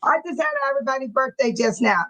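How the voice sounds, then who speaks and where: A woman's voice: high-pitched, fast talker, a bit bright, rough recording. A middle-aged woman hosting a casual livestream, reading chat comments aloud and laughing often. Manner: sweating and fanning herself after dancing. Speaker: livestream host.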